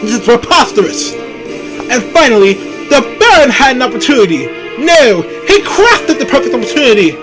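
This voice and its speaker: A man's voice: very high voice, very animated, normal speed, music in the background, rough recording. A man doing a theatrical bird lawyer. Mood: accusing. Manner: theatrical, accusatory. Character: sharp bird defense attorney, confident.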